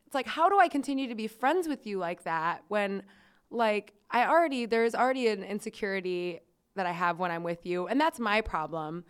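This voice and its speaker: Woman podcast host, smooth clear voice, casual storytelling, chatty and profane. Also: medium pitch, expressive, moderate pace. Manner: chatty, swears freely, many "like" fillers.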